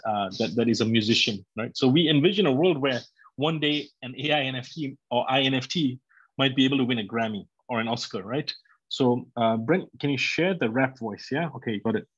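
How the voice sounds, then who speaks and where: A man's voice: mid-range voice, a bit bright, slightly rough, no room sound. Man, host of a live online address, rambling, lots of fillers, dull dry sound. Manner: rambling, many fillers, talks to listeners directly. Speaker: company host presenting a product.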